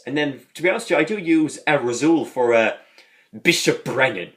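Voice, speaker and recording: A man's voice: a little high, expressive, fairly quick, a bit bright. A man hosting a casual review, talking in a rambling, enthusiastic way with many fillers. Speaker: video host.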